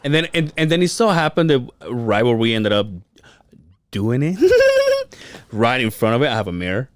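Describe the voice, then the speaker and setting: A man's voice: mid-range voice, normal speed, no echo, clean studio sound. A man co-hosting a podcast in casual chat, telling a story with lots of swearing and laughter. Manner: storytelling, profane, laughs often. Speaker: podcast co-host.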